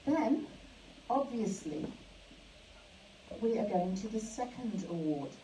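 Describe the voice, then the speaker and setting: A woman hosting a live awards ceremony. She speaks haltingly, with many fillers and restarts. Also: medium pitch, expressive, dark tone, slight background noise. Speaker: awards host. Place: event hall. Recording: echoey hall, mic from a distance.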